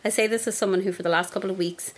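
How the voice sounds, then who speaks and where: A woman's voice: medium pitch, fairly even intonation, very fast. A young woman co-hosting a podcast in casual chat, blunt and sweary, reading listener emails aloud. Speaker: podcast co-host.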